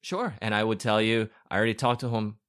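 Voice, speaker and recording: A man's voice: on the low side, lively intonation, fast talker, fairly bright tone, clear, resonant tone. A man joining the chat as the husband, stammering at first and then explaining himself plainly. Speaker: guest husband. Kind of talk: casual chat.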